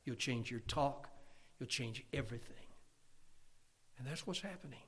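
A man preaching a sermon as pastor, emphatic, his loudness rising and falling. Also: mid-range voice, moderate pace, husky. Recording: long hall reverb.

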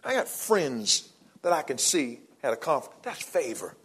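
A man in his forties preaching a sermon as a pastor, moving between low, quiet reflection and raised, excited delivery. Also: normal speed, husky.

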